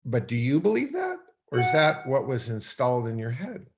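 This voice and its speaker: A man's voice: medium pitch, huge pitch swings, moderate pace, a little mellow. A man telling a personal story as a podcast guest, rambling with many fillers and acting out his own past thoughts aloud. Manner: loose and rambling, heavy on fillers. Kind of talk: conversational storytelling.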